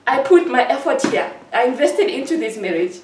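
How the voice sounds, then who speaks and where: A woman's voice: high-pitched, big pitch swings, fairly quick, reverberant, distant mic, a little hiss or hum. A woman giving an emotional personal account in an interview, hurt and indignant, often repeating herself.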